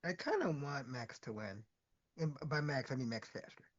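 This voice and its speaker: A man's voice: mid-range voice, lively intonation, moderate pace, highs cut off. A man co-hosting a casual podcast, chiming in with brief, dry remarks. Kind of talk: casual chat.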